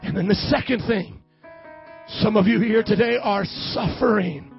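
A pastor preaching a sermon to a congregation, shifting between fervent shouting and quiet, hushed passages. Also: male voice, high voice, measured pace, vocal fry. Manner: impassioned preaching that swings from shouting to hushed tones. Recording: muffled lo-fi recording with faint music.

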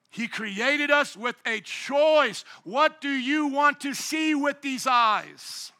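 High, bright-voiced animated male preacher. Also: takes it slowly, few pauses. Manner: animated preaching, acts out voices, shouts at times. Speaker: pastor. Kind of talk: sermon.

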